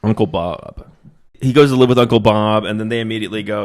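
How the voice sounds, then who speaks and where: A man's voice: lowish voice, fast. Man chuckling through a comic movie recap. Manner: laughs at his own jokes, animated storytelling. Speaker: comedian podcast host.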